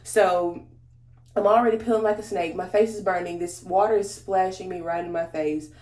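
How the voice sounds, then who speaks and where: A woman's voice: on the low side, fairly even intonation, moderate pace, a little mellow. Chatty woman vlogger in a roomy room. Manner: chatty, slangy, talks straight to viewers. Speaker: beauty vlogger. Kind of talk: casual storytime chat during a makeup tutorial. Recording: roomy echo.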